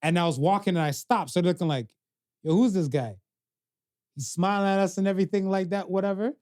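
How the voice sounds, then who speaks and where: Animated man telling a story. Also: high voice, very fast, clean tone, no room sound, clean studio sound. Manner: loose, animated retelling with many fillers and acted-out quotes. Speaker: podcast co-host. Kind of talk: casual storytelling chat.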